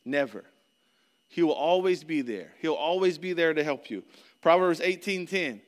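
A man's voice: fairly high pitch, animated, moderate pace. Earnest preaching man in a reverberant hall. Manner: earnest, conversational preaching with repeated phrases. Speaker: pastor. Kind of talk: sermon.

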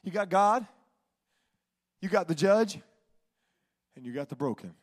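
A male preacher delivering a sermon, swinging between shouted exhortation and hushed, drawn-out lines. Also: high voice, animated.

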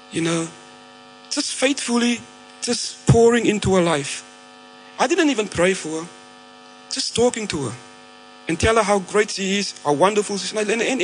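A man's voice: high-pitched, rough recording. An Australian man preaching a sermon, telling a story conversationally with frequent fillers and restarts.

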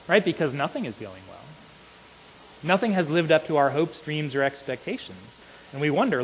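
An earnest male preacher with a fairly high-pitched voice delivers a sermon and keeps turning to his listeners with "right?". His voice rings out with a long reverb in a church sanctuary. A faint hiss runs under the recording. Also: normal speed, a bit bright. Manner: earnest, repeats "right?" to the congregation.

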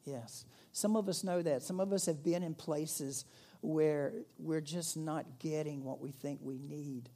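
A male pastor preaching a conversational sermon to his church, growing animated when he stresses a point. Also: a little high, unhurried. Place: church in Myrtle Beach.

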